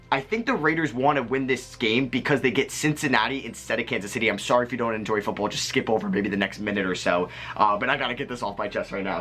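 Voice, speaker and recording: Fast-talking, excitable man in a low voice. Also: soft background music. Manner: chatty, rambling, easily excited. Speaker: gaming video creator. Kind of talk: casual gameplay commentary to viewers.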